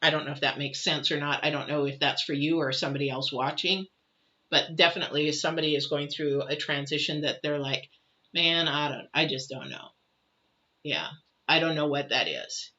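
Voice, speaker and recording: A woman's voice: sits low, a little fast, pushed and bright, highs cut off. A woman giving a live tarot reading, talking in a rambling, conversational way to viewers she addresses directly. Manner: rambling, conversational, acts out quoted people. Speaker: tarot reader.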